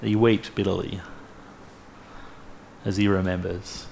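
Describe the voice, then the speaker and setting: A man preaching a sermon, retelling a story in a lively way with humorous asides. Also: deep voice, slow, creaky, slight background noise.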